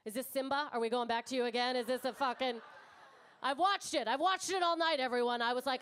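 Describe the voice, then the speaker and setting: A woman's voice: on the high side, fairly quick, a bit bright, slight background noise. A woman in her thirties doing a brash, swearing stand-up comedy set on a club stage, chatting with the crowd. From Canada.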